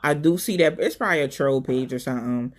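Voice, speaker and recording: A woman hosting a live call-in stream, talking casually and sassily, calling people honey and baby, swinging between loud and soft. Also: a bass voice, fast, a crowd in the background. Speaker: live show host.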